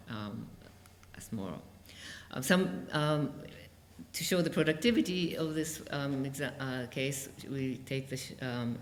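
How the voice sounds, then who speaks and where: A linguistics lecturer giving an academic conference talk, with many hesitations and frequent "okay?" checks, in a university lecture room. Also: mid-range voice. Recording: reverberant lecture hall.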